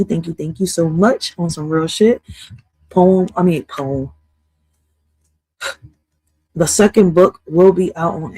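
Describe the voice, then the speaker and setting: A woman streamer rants to her chat in loose, profane slang. Her delivery is animated and direct. The recording is dry and close, with no room sound. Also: sits low, dry recording, low-quality recording. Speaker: streamer and poet. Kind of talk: casual live-stream rant.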